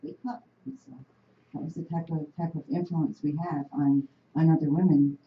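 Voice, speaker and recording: Low-voiced woman telling an animated story. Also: normal speed. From Oneida Nation. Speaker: panel speaker. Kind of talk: storytelling talk to an audience. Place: university meeting room. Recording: roomy, dull room recording.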